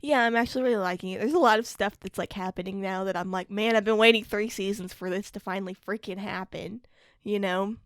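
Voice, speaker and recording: A young adult woman co-hosting a casual podcast, animated and chatty, laughing often. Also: mid-range voice, fast talker, dry recording, studio quality. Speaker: podcast co-host. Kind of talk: casual chat.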